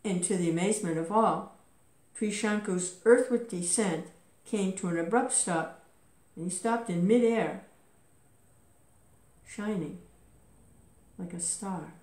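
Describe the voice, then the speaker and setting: A woman's voice: mid-range voice, takes it slowly, long pauses, darkish tone. A woman reading an epic story aloud with occasional casual asides and filler words. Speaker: reader. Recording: roomy echo.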